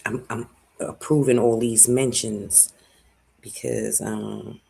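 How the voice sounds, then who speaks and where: A man's voice: on the low side, level tone, slow pace, creaky, mellow, breathy edge. A man in his forties hosting a casual livestream, emotional and rambling, thanking viewers through tears of joy. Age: 40s. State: teary-eyed. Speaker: livestream host.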